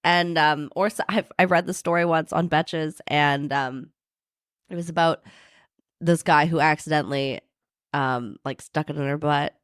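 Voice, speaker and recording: A woman's voice: low-pitched, steady tone, unhurried, clear, resonant tone, no room sound, studio quality. A young woman co-hosting a podcast in casual, emphatic chat, full of "like". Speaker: podcast co-host.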